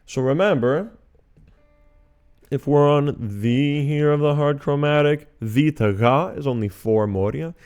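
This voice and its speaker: A man's voice: on the high side, unhurried, a little mellow, clear, resonant tone, faint music behind. A man giving a chant lesson, patiently explaining the scale and singing the note names. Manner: patient, methodical explanation, breaking into sung syllables. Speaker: chant teacher.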